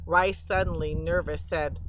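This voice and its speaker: A woman reading a storybook aloud to children, pausing to explain words and pictures in a gentle way. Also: sits low, steady tone, heavy background noise.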